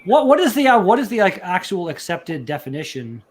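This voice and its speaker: A man's voice: sits high, big pitch swings, fairly quick, slight background noise. A Canadian man chatting casually on a live stream, rambling with lots of fillers and restarts. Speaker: chat participant.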